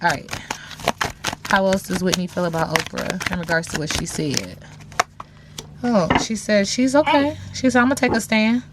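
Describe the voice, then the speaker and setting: A woman's voice: lowish voice, lively intonation, moderate pace, pauses often, noisy background. A woman giving a casual tarot reading, talking in a sassy, slang-heavy way with playful teasing asides to viewers. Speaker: tarot reader.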